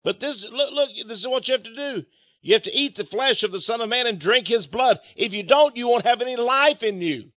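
A man's voice: high-pitched, big pitch swings, moderate pace, fairly bright tone, dry recording. A male preacher giving a sermon, emphatic, with rhetorical questions and acted-out quotes.

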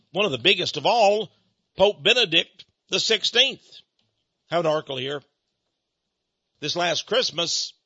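Husky, lively preacher man, lo-fi. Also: sits high, no echo. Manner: emphatic, sarcastic asides. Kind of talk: radio-style preaching commentary. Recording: dull lo-fi recording.

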